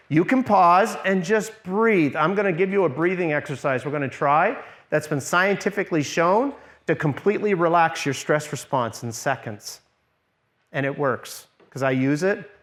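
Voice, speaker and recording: A middle-aged man teaching a workshop to a church group, his voice sitting a little high for a man. He talks to the room in a conversational way and keeps checking that people follow. When he models what to say, he drops into a soft, low voice.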